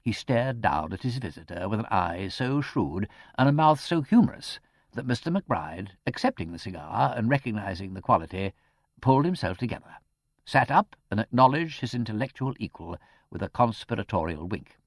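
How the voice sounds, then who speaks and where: A man reading an audiobook in a measured, expressive narration. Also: on the low side, no echo, studio quality. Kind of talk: scripted narration.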